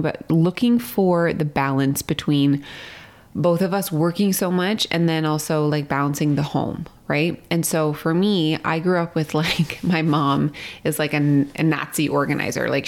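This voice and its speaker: A woman co-hosting a podcast, talking candidly and casually, swearing freely and poking fun at herself. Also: deep voice. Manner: chatty, candid and self-deprecating, swears casually. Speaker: podcast co-host. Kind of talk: casual chat.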